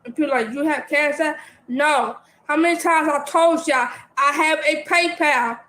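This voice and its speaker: A woman's voice: high-pitched, moderate pace, fairly bright tone, poor audio. A woman ranting on a livestream, defiant and repeating herself. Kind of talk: livestream rant.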